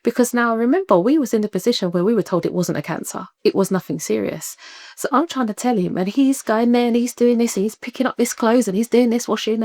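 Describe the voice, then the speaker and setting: A woman, a podcast guest telling a personal story in lively conversation, acting out what people said and laughing often. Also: on the high side, dry recording, studio quality. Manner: animated, acts out quoted voices, laughs often.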